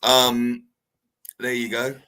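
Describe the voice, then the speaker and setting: A man's voice: medium pitch, completely flat delivery, takes it slowly, bright, forceful tone. A man co-hosting a radio show, summing up earnestly and reflectively with frequent ums. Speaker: radio co-host. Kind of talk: casual radio chat with wrap-up summary. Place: radio studio.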